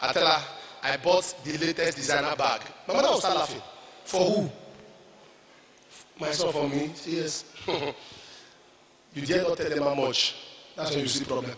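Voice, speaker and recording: A middle-aged Nigerian man preaching a sermon as a pastor, shouting his points and repeating lines in a sing-song way. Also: fairly high pitch, moderate pace, long pauses, slight background noise. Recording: echoey hall from far off.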